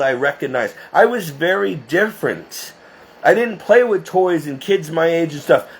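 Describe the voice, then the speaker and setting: A man's voice: on the high side, breathy edge. A man talking straight to his viewers in an impassioned religious monologue, emphatic and scolding. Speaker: Catholic video blogger.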